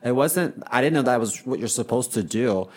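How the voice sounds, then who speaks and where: A man's voice: mid-range voice, lively intonation, normal speed, darkish tone, breathy edge. A man co-hosting a podcast, telling frank stories in casual chat, rambling with lots of fillers. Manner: candid, rambling storyteller with many fillers. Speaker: podcast co-host.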